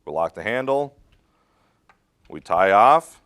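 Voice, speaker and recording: A man's voice: on the low side, animated, takes it slowly, fairly bright tone, clean tone. A middle-aged man teaching a rope rescue class, direct and practical, quizzing his students as he demonstrates. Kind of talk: hands-on safety training talk.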